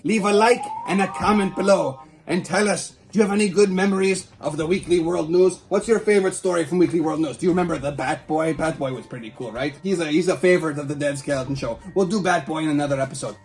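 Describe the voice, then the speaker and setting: A man's voice: on the high side, quick pace, hardly any pauses, soft background music. A man hosting a comedy show, reading a tabloid article aloud and breaking off with playful, teasing asides to a silent puppet sidekick.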